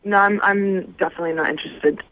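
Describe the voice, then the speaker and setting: A woman calling in to a radio show, hesitant at first and sharp when pushed. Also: mid-range voice, steady tone, fast talker. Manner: hesitant, then sharp and indignant. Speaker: caller. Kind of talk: phone call on a radio show. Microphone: telephone. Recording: muffled phone line.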